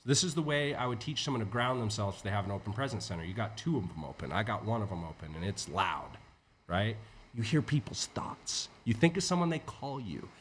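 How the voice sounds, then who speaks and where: A man as a podcast guest, an entrepreneur teaching in a casual, animated way with frequent swearing. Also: on the low side, a little fast, a little hiss or hum. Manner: animated, profane, acts out inner voices. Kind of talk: conversational teaching.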